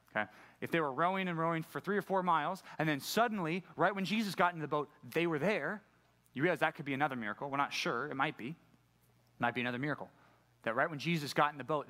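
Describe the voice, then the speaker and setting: A middle-aged pastor giving a conversational sermon, often putting questions to the congregation. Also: male voice, a little high, pushed and bright. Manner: conversational preaching, asks the audience questions.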